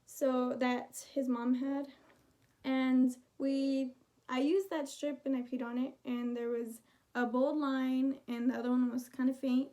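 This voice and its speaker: Young woman vlogger, high mellow voice, chatty storytelling. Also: steady tone, normal speed. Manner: chatty, self-correcting storytelling. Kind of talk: casual storytelling.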